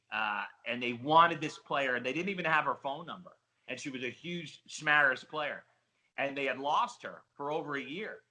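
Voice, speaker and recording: A middle-aged man with a New Jersey accent, an excitable storyteller giving an interview as a casino host trainer. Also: mid-range voice, poor audio. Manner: excitable storyteller, calls listener buddy. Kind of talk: animated interview talk.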